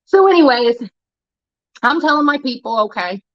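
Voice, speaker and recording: A woman's voice: sits high, very animated, normal speed, dry recording, muffled recording. A woman streamer delivering a heated, profane rant about a falling-out with a friend, talking straight into a close mic. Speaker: livestreamer. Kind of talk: ranting livestream monologue.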